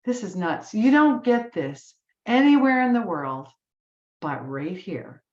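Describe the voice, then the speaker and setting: A woman's voice: medium pitch, sing-song, takes it slowly, roomy sound, muffled recording. A woman in her sixties giving an urging motivational talk, repeating phrases for emphasis. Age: 60s. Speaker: business team leader. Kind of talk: motivational speech on a group call.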